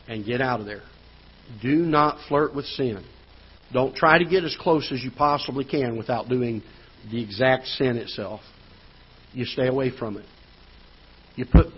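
A male pastor delivering a sermon in a church auditorium, earnest, pressing points, then dropping quiet. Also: mid-range voice, husky, dull audio. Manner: earnest preaching with rising emphasis and quiet drops.

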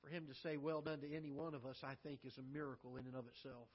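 A man preaching a sermon as pastor, swinging from loud emphatic lines to soft low asides. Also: fairly even intonation, quick pace, slightly rough, highs cut off. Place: church auditorium.

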